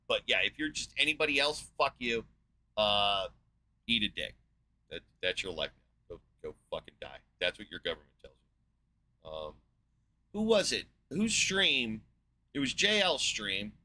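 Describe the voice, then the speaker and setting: A man in his forties from the United States, giving a profane, sarcastic and exasperated rant as a video host, rambling with filler pauses. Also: mid-range voice, pushed and bright, poor audio. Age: 40s. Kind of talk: ranting monologue.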